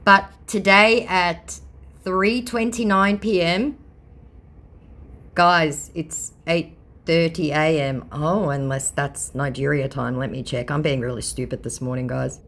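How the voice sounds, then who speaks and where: A woman's voice: sits low, fairly even intonation, takes it slowly, fairly bright tone. A woman reading out a chat with a scammer, adding sarcastic, exasperated commentary. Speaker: scambaiter content creator.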